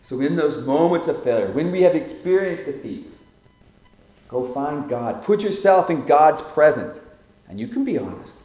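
A male pastor preaching a sermon, swelling loud for emphasis and dropping to near-whispers. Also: fairly high pitch, big pitch swings, normal speed. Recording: very echoey room.

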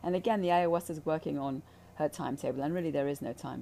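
A woman's voice: low-pitched, fast talker, gravelly, mellow, a little hiss or hum. A woman who guides ayahuasca ceremonies, talking candidly about spiritual healing in a blunt, intense, profane way.

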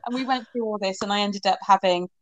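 A middle-aged woman from England chats as an interview guest. She tells long, rambling stories with lots of laughter and asides. Her voice is mid-pitched and recorded dry, close to the mic. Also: fast talker, dry recording. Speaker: guest, horsemanship coach. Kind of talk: casual interview storytelling.

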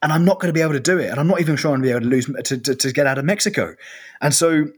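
A man telling a personal travel story in an animated, halting way, full of restarts. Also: on the high side, breathy edge.

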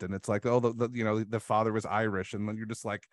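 A man's voice: fairly low pitch, level tone, no room sound, clean studio sound. A man chatting as a podcast guest, thinking aloud with many restarts and filler words. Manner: thoughtful, halting, with many restarts and filler likes. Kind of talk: casual conversational chat.

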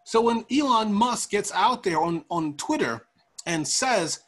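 A man hosting a podcast, giving profane, ranting political commentary in a casual, animated way. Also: high voice, measured pace. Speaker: podcast host.

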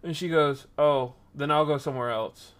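A young man casually telling a workplace story on a stream, acting out the people in it and getting loud at times. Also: fairly high pitch, normal speed. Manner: animated, acts out quoted voices, rises to loud outbursts.

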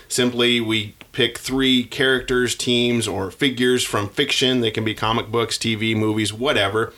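Bright-voiced host with a stuffy cold. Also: male voice, medium pitch, fairly even intonation, moderate pace. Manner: upbeat, enthusiastic. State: has a cold, nasal. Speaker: podcast host. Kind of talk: casual chat.

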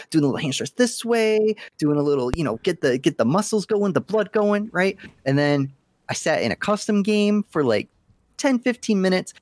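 A man co-hosting a casual podcast, telling stories with animated asides. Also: a little high, no room sound, clean studio sound. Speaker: podcast co-host. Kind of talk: casual chat.

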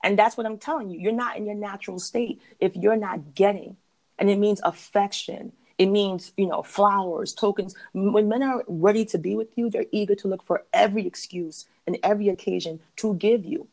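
A woman's voice: medium pitch, fairly even intonation, fairly quick, a little mellow. A woman on a podcast, giving emphatic relationship advice in a casual, conversational way. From parents from Jamaica.

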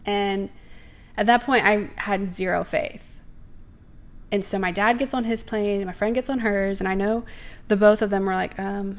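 A woman's voice: mid-range voice, steady tone, moderate pace. Earnest young woman. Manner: earnest, storytelling, emphatic. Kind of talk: personal faith testimony.

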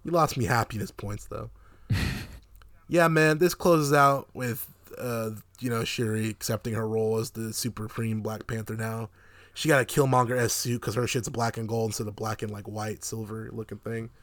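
Male podcast co-host, casual movie talk, profane and animated, dry close sound. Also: lowish voice, normal speed, dry recording. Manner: animated, profane, laughing often. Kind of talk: casual movie review chat.

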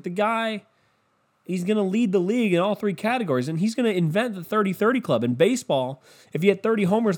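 Profane, animated man ranting on a podcast. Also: high-pitched. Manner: profane, animated, mocking impressions. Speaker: podcast host. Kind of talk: casual solo podcast rant.

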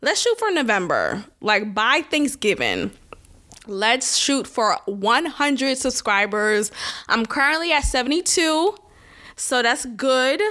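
A young adult woman hosting a solo podcast, talking in an animated, indignant way and laughing often. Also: on the high side, takes it slowly. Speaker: podcast host.

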